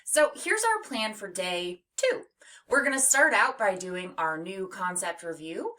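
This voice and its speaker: A woman teaching a children's phonics lesson, upbeat and clear, modelling each sound slowly. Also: medium pitch, big pitch swings, bright, forceful tone.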